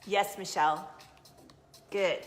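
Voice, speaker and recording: A woman's voice: mid-range voice, fairly even intonation, slow pace, faint music behind. A woman with a slight Southern twang, hosting a live stream as an intuitive card reader and chatting effusively toward her phone camera. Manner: chatty and effusive, with sudden bursts of emphasis. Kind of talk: casual live-stream chat.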